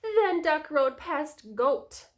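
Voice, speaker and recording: A woman who is a preschool teacher, reading a picture book aloud to young children in a slow, sing-song storytelling voice. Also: on the high side, lively intonation.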